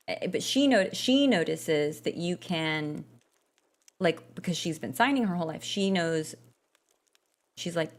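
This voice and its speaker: A woman's voice: on the low side, expressive, unhurried, pauses often. A woman gaming vlogger chatting casually and rambling, with lots of fillers and restarts. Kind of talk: casual chat while gaming.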